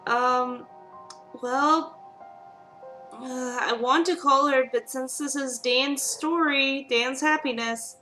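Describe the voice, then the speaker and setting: Woman, let's play commentary, unhurried talk, emotional exclamations, reads game text aloud. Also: high-pitched, fairly even intonation, sharp tone, faint music behind. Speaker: gamer.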